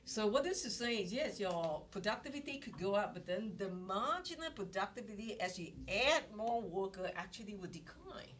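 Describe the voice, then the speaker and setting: A woman's voice: mid-range voice, animated, normal speed, few pauses, a bit bright. A woman instructor giving a classroom economics lecture, explaining step by step and asking rhetorical questions. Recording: distant mic with noise and clicks.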